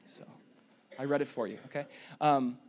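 A man preaching a sermon in an animated way, with jokey asides and emphatic repetitions. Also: mid-range voice, moderate pace. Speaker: pastor.

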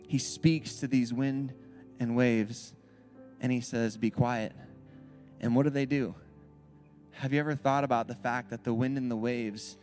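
A man preaching a sermon in a church, speaking in a casual, conversational way and often checking in with the crowd. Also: medium pitch.

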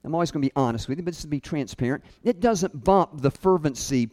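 Humorous man telling a sermon story. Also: fast. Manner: self-deprecating, humorous, animated storytelling; chuckles often, voice drops low and soft at tender moments. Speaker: speaker at a college chapel.

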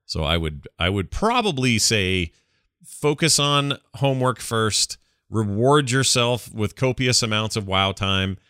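A man co-hosting a casual gaming podcast, his low voice bright and forceful. He rambles easily, full of fillers and restarts, recorded close and dry. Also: measured pace, smooth, dry recording. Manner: relaxed, rambling, many fillers. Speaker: podcast co-host. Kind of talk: casual chat.

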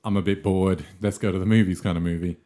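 A man's voice: low voice, steady tone, fast, dark tone. A man from England co-hosting a podcast in casual chat, teasing his friend with dry banter. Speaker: podcast co-host.

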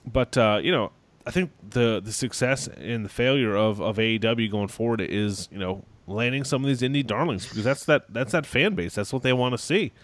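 A man's voice: mid-range voice, normal speed. A man co-hosting a casual wrestling podcast, rambling with lots of fillers and restarts. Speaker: podcast co-host.

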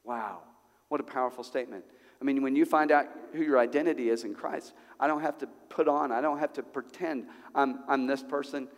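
A male pastor preaching a sermon at a church service, conversational and animated, full of rhetorical questions. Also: on the high side. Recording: long hall reverb.

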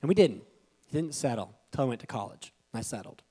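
A young man preaching a sermon from a church stage in a casual, emotional way, often breaking into loud excited bursts. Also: mid-range voice, brisk, husky. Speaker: pastor.

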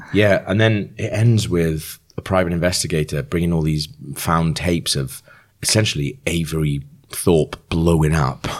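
A man's voice: low voice, steady tone, unhurried. A man co-hosting a podcast, chatting casually and laughing often. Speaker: podcast co-host. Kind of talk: casual chat.

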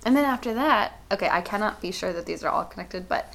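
A woman's voice: medium pitch, expressive, fast, creaky, very noisy. A woman comedian chatting casually as a podcast guest, telling and reading crude stories candidly and laughing often.

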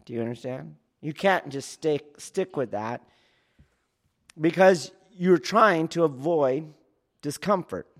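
A man's voice: a little high, lively intonation, takes it slowly. Man explaining, asking "do you see?". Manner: keeps checking in with "do you see?"; acts out trainees and yelling officers in sudden loud bursts. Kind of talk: casual teaching talk.

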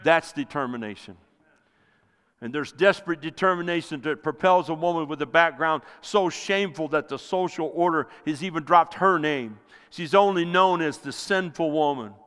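Pastor guy preaching hard, smooth voice, big church echo, gets loud then drops quiet. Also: a little high. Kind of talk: sermon. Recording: long hall reverb.

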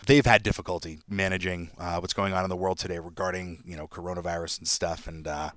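A man's voice: sits low, steady tone, quick pace, a bit bright, no room sound. A middle-aged man with a Boston accent, a podcast guest chatting casually and rambling with many filler sounds. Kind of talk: casual chat.

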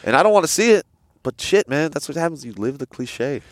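A man's voice: fairly high pitch, a little fast, no room sound, studio quality. A young man co-hosting a podcast in casual chat, telling stories with lots of swearing and acted-out quotes. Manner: animated storyteller, swearing, acts out quotes. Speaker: podcast co-host. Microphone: headset.

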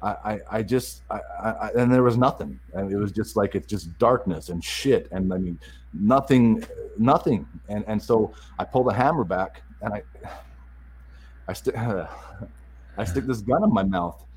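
A man candidly telling a personal story, halting and repeating words as he restarts his sentences. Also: lowish voice, darkish tone, slightly rough, poor audio.

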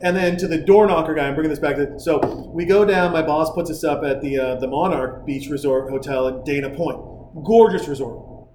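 A man's voice: on the high side, fairly quick, darkish tone. A man hosting a podcast, telling a story in casual chat, swearing freely and acting out the people he quotes. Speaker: podcast host. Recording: roomy with faint noise.

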